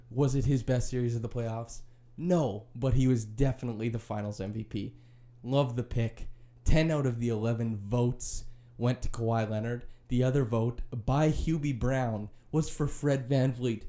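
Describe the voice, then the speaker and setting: A man hosting a sports podcast, retelling a game in an animated and opinionated way. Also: mid-range voice, moderate pace. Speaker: podcast host. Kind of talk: casual sports podcast recap.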